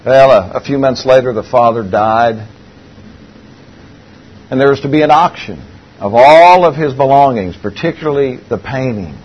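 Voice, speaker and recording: A man's voice: medium pitch, expressive, normal speed, slightly rough. A man preaching a sermon, telling a story in an earnest way and repeating key phrases. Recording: dull lo-fi recording.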